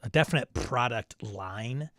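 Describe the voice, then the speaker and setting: In an unhurried, medium-pitched voice that's a bit bright, a male live-stream host casually reads viewer comments out loud, chuckling and riffing. There's no echo on the recording.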